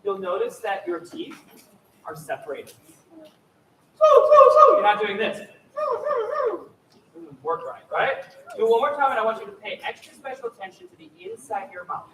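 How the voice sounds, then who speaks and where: A man's voice: sits high, sing-song, a little fast. A man coaching a choir in rehearsal, upbeat and encouraging, demonstrating vocal sounds as he directs the singers. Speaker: choir clinician. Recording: echoey hall, distant mic, loud ambient noise.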